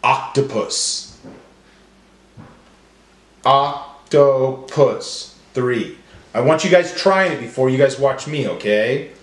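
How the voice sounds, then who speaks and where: Man, early-years teacher, deliberate word drills, encouraging, roomy echo. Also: mid-range voice, lively intonation. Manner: slow, stretched word-by-word drills. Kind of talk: phonics lesson for young children.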